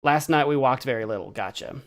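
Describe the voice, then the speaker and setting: A young man from central Illinois in the American Midwest chats casually on a live stream, poking fun at himself and stumbling over Spanish words as he practices. His voice is medium-pitched and his pace quick.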